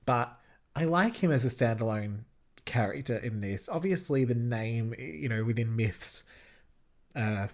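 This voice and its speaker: A man's voice: mid-range voice, expressive, measured pace. A man hosting a podcast, giving casual, chatty commentary on a TV episode and laughing often. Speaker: podcast host.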